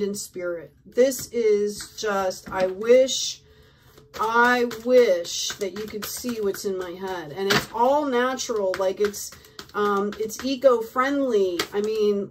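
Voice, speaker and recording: A woman's voice: mid-range voice, far from the mic, slight background noise. A woman giving a casual tarot reading, talking effusively and peppering her speech with "like", "right?" and "okay?". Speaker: tarot reader.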